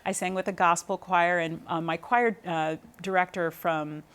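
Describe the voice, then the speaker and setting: A woman's voice: lowish voice, moderate pace, clean tone. A woman in her thirties, a guest talking about her singing career in an interview, telling stories with lots of ums and restarts. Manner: animated storytelling with many fillers. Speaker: guest, opera singer. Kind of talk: interview conversation.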